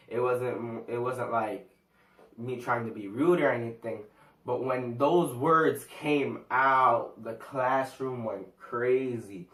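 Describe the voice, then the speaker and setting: A man's voice: medium pitch, slow, a bit bright, echoey room, far from the mic. A teenage guy telling a school story in a casual storytime vlog, rambling, slangy and full of fillers. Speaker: vlogger.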